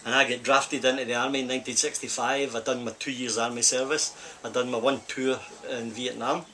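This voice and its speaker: A man's voice: medium pitch, little pitch movement, a little fast, bright, forceful tone, a little hiss or hum. An older man with a Scottish accent, a film stuntman recalling his past in a rambling, casual storytelling manner. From Scotland. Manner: rambling anecdotal storytelling with repeated "I says". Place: film set during a break.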